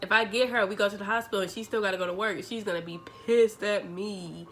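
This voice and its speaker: A young woman, telling a story to her vlog audience in a chatty, animated way, acting out the dialogue. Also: medium pitch, quick pace, a little hiss or hum. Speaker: vlogger. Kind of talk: casual storytelling.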